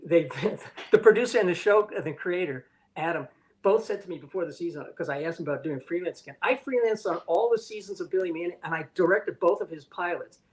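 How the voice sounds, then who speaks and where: A man's voice: sits high, fast talker, low-quality recording. An older man, an animation director, telling candid stories in an interview with a blunt, profane manner, acting out what others said. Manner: blunt, profane, acts out quoted dialogue.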